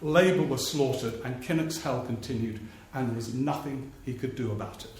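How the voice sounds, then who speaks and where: On a theatre stage before a live audience, a man who works as a political journalist shares anecdotes in a slightly mellow, medium-pitched voice at normal speed. He mimics politicians for laughs, drawing audience laughter in a very echoey recording with faint noise.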